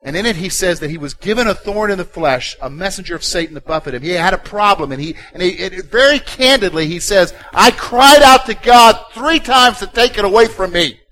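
High-voiced man preaching a dynamic sermon. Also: expressive, fairly quick, few pauses, low-quality recording. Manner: dynamic preaching, swinging from soft to loud and emphatic. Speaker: pastor.

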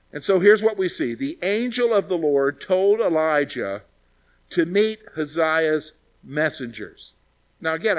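A man teaching through a Bible passage in a conversational way, acting out the quoted lines with lively voice shifts. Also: high-pitched.

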